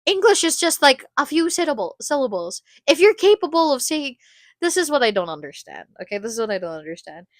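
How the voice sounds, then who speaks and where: A young woman from the Philippines with a Filipino accent, ranting in casual chat on a livestream, animated and opinionated. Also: high voice, fairly quick, no room sound, studio quality. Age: young adult. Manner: animated, opinionated rant, code-switching.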